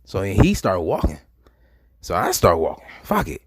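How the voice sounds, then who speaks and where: A young man hosting a show, telling a personal story in a loose, slangy, animated way and laughing often. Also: deep voice, moderate pace, husky, no echo, clean studio sound. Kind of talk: casual storytelling monologue.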